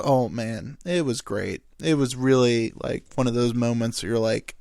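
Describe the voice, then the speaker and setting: A man's voice: mid-range voice, moderate pace, gravelly, few pauses, dry recording, studio quality. A young man hosting a solo podcast, telling a story in a rambling, profane and self-mocking way, with lots of ums and quoted dialogue. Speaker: podcast host.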